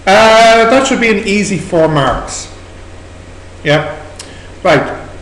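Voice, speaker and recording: A man's voice: high voice, lively intonation, takes it slowly, a bit bright. A man with an Irish accent tutoring maths, asking students question after question as he works through exam problems in a classroom. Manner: questioning, prompting students step by step. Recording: echoey room recording with background noise.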